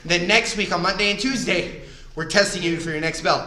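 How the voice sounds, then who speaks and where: A high-voiced man coaching a karate class, his tone bright and forceful. He calls out moves with upbeat energy and shouts sharp kiai. He stands well back from the mic, in a roomy, echoing hall. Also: a little fast. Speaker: karate instructor. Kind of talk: instructing a live online class. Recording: echoey room, voice far from the mic.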